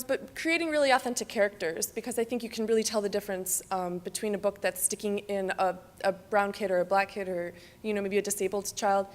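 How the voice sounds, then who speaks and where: A woman giving a halting, filler-filled casual presentation about her illustration work. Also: medium pitch. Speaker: children's book illustrator. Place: library event hall. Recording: reverberant library hall.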